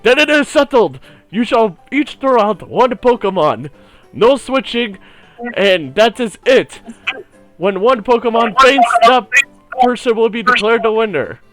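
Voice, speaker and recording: A loud, pompous robed referee proclaims the rules of battle in a raised, high voice, put on by a man running a tabletop game. He sounds grandiose and self-important. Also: expressive, unhurried, soft background music, heavily acted. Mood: proclaiming.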